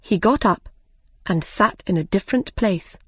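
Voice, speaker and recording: A woman reading a storybook aloud in a slow, careful, plain way. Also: mid-range voice, breathy edge, no room sound, clean studio sound.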